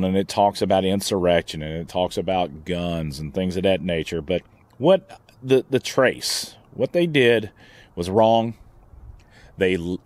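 The host of a gun channel, whose voice sits on the low side, offers opinion commentary in a heated, indignant vlog rant. He restarts often as he talks on his own channel, and the recording has no room sound.

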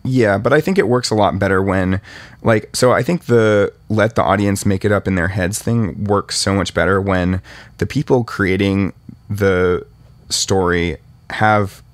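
Low-voiced man in casual podcast chat. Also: a little slow, no room sound. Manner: rambling, self-deprecating, laughs at himself. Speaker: podcast host, 3D artist.

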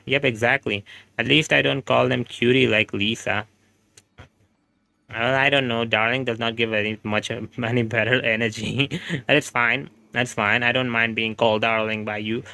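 A man's voice: mid-range voice, creaky, pushed and bright, dry recording. A man from India, chatting casually on a game livestream and answering viewer comments in a rambling, reassuring way.

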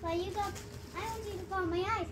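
A woman's voice: very high-pitched, fairly even intonation, a little fast, recorded from a distance, noisy background. Curious young girl. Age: child. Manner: curious, chiming in.

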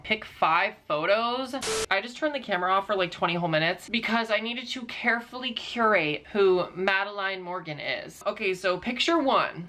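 A woman's voice: fairly low pitch, expressive, moderate pace, bright, forceful tone. A young woman in her twenties vlogging in a casual, sarcastic, giggly way. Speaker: YouTuber. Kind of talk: casual vlog commentary.

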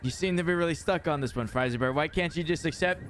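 A man's voice: a little high, quick pace, fairly bright tone. A man role-playing in a game, defending himself playfully and laughing often. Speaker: streamer roleplaying a character. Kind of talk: in-character roleplay banter. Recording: game voice chat with faint noise.

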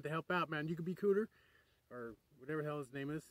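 A man's voice: a little high, fast, fairly bright tone, dry recording, poor audio. Rambling upbeat man vlogging. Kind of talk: rambling casual vlog. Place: outdoors near a crater with trains passing.

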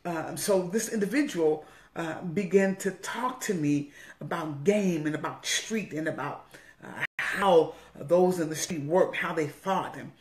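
A woman bishop gives an earnest personal testimony as part of a weekly online message, repeating phrases for emphasis. Her voice is lowish with a darkish tone, her pace is measured, and the room adds a roomy echo.

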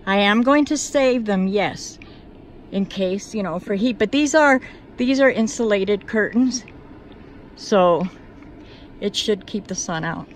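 A woman's voice: mid-range voice, expressive, slow pace, long pauses, a little hiss or hum. A woman vlogging outdoors from her van campsite in the woods, talking to her viewers in an earnest, grateful, chatty way. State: out of breath. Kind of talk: casual vlog talk to camera.

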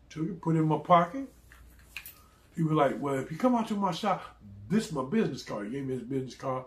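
A man spins a casual story in a lively voice that swings up and down, laughing often as he acts out what others said. His voice sits a little high for a man. The room around him gives a clear echo. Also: fast talker. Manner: animated, laughs often, acts out quoted people.

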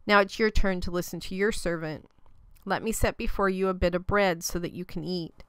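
A woman's voice: fairly low pitch, fairly even intonation, a little fast, clear, resonant tone, no echo, close to an everyday voice. A woman voicing a wary, fearful woman medium in a scripture reading, urgent in tone.

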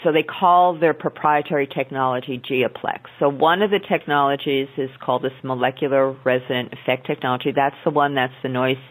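A woman with a low voice, well below most women, explaining at length as an interview guest. She talks earnestly, stopping to restart phrases and filling pauses as she works through each point. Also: steady tone, poor audio. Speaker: guest, naturopathic doctor.

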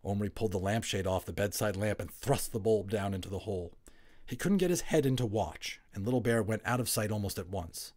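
A man narrating a children's novel aloud, expressive and building tension, dropping to hushed tones in quiet moments. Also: lowish voice, brisk. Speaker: audiobook narrator. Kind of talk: storybook read-aloud narration.

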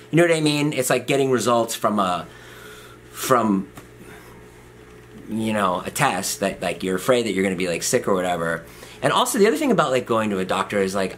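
A man's voice: mid-range voice, a bit bright, a little hiss or hum. A man in his thirties, a vlogger, telling a personal story in a rambling, self-deprecating way, full of fillers and restarts. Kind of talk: casual storytelling.

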